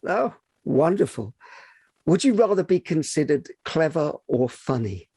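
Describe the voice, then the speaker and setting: Husky, gravelly man hosting a podcast. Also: fairly high pitch, sing-song, a little slow, warm tone, no room sound. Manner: upbeat, effusive praise. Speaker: podcast host. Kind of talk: interview questions and outro.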